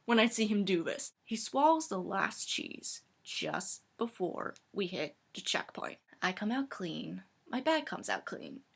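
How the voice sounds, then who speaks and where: Animated, chatty woman telling a story. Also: medium pitch, measured pace, gravelly, hardly any pauses, husky. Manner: animated, chatty, many fillers like "like". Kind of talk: comedic storytelling.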